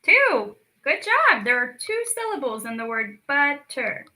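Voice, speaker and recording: A woman leading a children's storytime lesson, speaking slowly and clearly with encouraging teacher talk. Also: high voice, sing-song, sharp tone, rough recording. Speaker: speech clinic storyteller.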